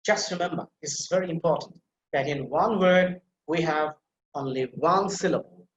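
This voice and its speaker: A man's voice: on the high side, normal speed, reverberant, slight background noise, low-quality recording. A man with a Bangladeshi English accent teaching an English pronunciation class over a video call, explaining with many fillers and restarts and calling on students. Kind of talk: online class lecture.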